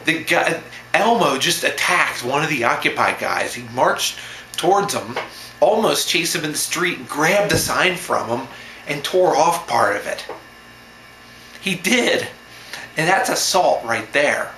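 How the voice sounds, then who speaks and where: A man's voice: on the high side, animated, a little slow, sharp tone, roomy sound, slight background noise. A man vlogger telling a story in a casual, rambling way, repeating himself, restarting sentences and sounding amused.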